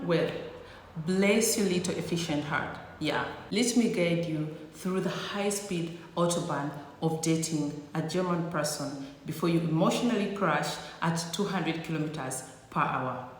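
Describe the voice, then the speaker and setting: A woman's voice: fairly low pitch, animated, measured pace, slight background noise. A woman vlogger giving comedic advice to camera in a sassy, teasing, playfully exaggerated way. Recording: echoey room with long reverb.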